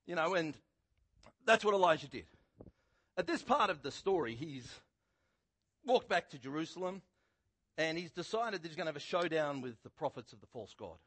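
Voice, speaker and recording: Animated husky male preacher. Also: high voice, fairly quick. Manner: animated storytelling, acting out quotes loudly. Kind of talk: sermon.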